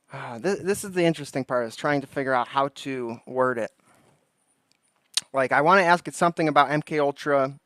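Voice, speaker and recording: A man hosts a casual livestream, reading text aloud in an even way before drifting into loose talk with his viewers. His voice is smooth and clear at a middle pitch. The sound is dry and close to the mic. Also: no room sound. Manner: reads lists flatly, then chats loosely with viewers. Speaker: livestream host.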